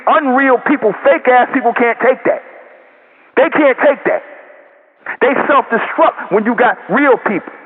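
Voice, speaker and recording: A man giving a loud, profane, confrontational monologue as a group leader, with a raised voice and a lot of repetition. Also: extremely high pitch. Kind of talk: impassioned monologue. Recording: tinny phone-like audio with long reverb.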